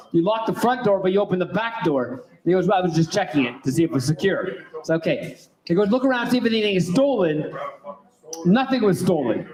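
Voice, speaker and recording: A man's voice: high-pitched, darkish tone. A man doing a rambling, self-deprecating stand-up set on a club stage. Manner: rambling, self-deprecating storytelling with lots of ums. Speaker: stand-up comedian. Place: comedy club stage with audience. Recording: roomy club sound.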